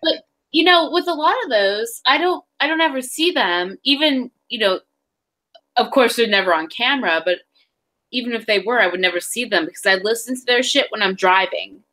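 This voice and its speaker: A woman's voice: on the high side, animated, a little fast, sharp tone, rough recording. An adult woman chatting casually on a stream, blunt and reassuring. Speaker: guest in the stream. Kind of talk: casual chat.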